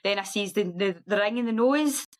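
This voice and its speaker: A middle-aged woman, a guest on a podcast, telling a story in a lively, animated way and acting out other people's voices. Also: moderate pace, low-quality recording. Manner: lively, acts out quoted voices in a high sing-song. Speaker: guest ultra runner.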